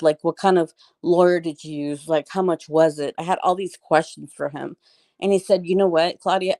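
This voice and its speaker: A woman's voice: sits low, darkish tone, no room sound. A middle-aged woman telling a story as an interview guest, in a rambling, casual way full of "like" and restarts.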